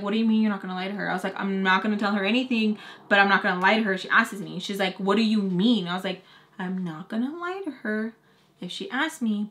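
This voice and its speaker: A woman's voice: medium pitch, a bit bright. A young woman chattily retelling a personal story, acting out both sides of the conversations and using "like" a lot. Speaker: storytime vlogger. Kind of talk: casual storytelling.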